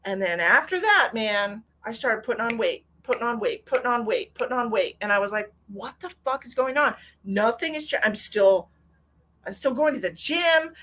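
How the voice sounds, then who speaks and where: Woman, middle-aged, livestream host, casual chat, candid, emotional, swears freely, slightly high-pitched. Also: lively intonation, normal speed, fairly bright tone. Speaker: psychic medium livestream host.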